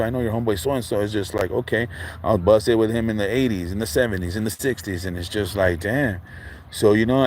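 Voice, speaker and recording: A middle-aged man, rambling to his livestream viewers in a relaxed stream of street slang. His voice sits low, with lots of man, dog and you know. A faint hiss of noise runs under the recording. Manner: laid-back street slang, constant fillers like man and dog. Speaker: livestream host. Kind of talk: casual livestream monologue.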